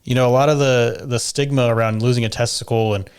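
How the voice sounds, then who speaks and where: A man hosting a podcast, asking relaxed questions and encouraging his guest. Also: mid-range voice, quick pace, clear, resonant tone. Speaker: podcast host. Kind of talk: casual interview.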